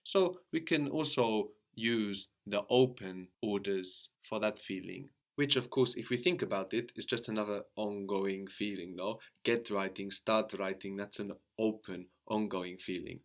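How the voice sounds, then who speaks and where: A male language teacher with a fairly low voice leads a guided lesson. He is patient and keeps prompting his student with questions. He often checks in with a quick "no?" at the end of a point.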